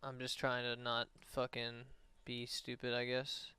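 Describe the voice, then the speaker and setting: A man's voice: mid-range voice, monotone, unhurried, bright, forceful tone, clean tone, no echo. A young man on a casual livestream, talking in a rambling, profane way with lots of fillers.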